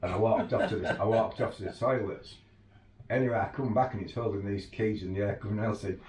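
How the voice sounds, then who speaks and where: A man's voice: lowish voice, fairly even intonation, fairly quick, darkish tone, a little hiss or hum. A man who works as an overland tour guide, casually telling stories and laughing through them. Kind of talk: casual anecdotal storytelling. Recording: roomy, distant mic, faint ambience.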